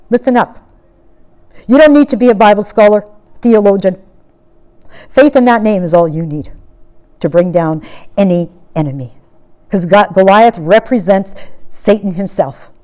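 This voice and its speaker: Impassioned woman preacher. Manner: impassioned, emphatic, exhorting; swings from loud declarations to hushed low asides. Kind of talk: sermon.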